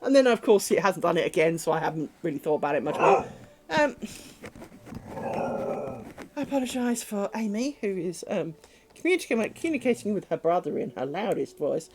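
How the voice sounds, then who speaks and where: Animated British woman telling rambling stories. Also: on the low side, moderate pace, long pauses, a little hiss or hum. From Britain. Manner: rambling, animated storytelling with frequent ums and swearing. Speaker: crafts streamer. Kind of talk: casual livestream chat.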